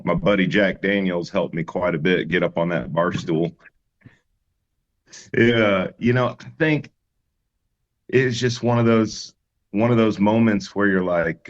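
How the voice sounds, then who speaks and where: A man's voice: low voice, measured pace, lo-fi sound. A man, a musician guest, telling his story in an easygoing interview chat with many fillers and restarts.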